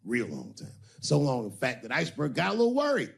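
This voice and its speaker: A male stand-up comic spinning a crude tale with theatrical flair. His pitch leaps and dips all over, while the voice sits in a middling register. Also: a little fast, gravelly. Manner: animated, profane, theatrical. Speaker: stand-up comedian. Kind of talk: stand-up comedy storytelling.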